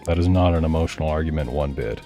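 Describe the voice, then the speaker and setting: A man's voice: very deep voice, fast talker, dark tone, lo-fi sound. A man giving blunt, profane, heated commentary while reacting to videos, with faint music behind. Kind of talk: casual ranting commentary.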